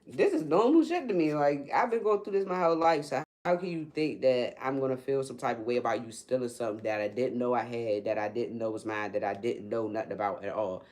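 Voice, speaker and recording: A woman spiritual reader ranting on her livestream, blunt and profane, swinging from low muttering to loud, high-pitched outbursts. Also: brisk, few pauses. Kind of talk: unscripted livestream rant.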